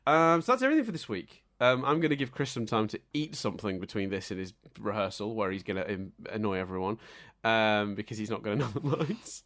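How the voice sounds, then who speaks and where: A man's voice: on the low side, lively intonation, quick pace, hardly any pauses, fairly bright tone. Chatty man co-hosting a podcast. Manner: chatty, self-interrupting, many ums and restarts. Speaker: podcast co-host. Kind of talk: casual podcast chat.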